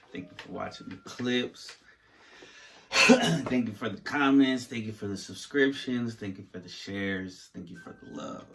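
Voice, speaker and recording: Low-voiced, rambling man hosting a podcast. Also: a bit bright, slight background noise. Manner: rambling, loose, with many fillers and restarts. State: jittery from coffee. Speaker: podcast host. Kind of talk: casual solo podcast chat.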